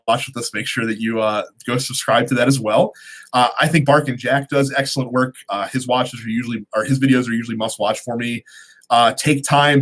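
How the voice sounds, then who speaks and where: A man hosting a relaxed live-stream Q&A, reading out viewer questions and answering them conversationally with frequent ums and restarts. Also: medium pitch. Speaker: host of a watch channel.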